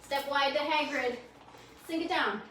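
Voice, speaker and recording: A high-pitched woman leads a yoga class with quick, upbeat, encouraging cues, a little breathless as she moves. She is recorded from some distance in an echoey room. A faint hum of noise sits under her voice. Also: a bit bright. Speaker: yoga instructor. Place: library program room.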